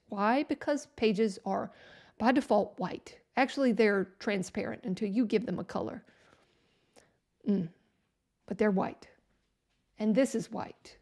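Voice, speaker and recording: A woman's voice: medium pitch, slow, darkish tone. A woman hosting a casual live stream, sarcastic and exasperated, talking to herself as she works.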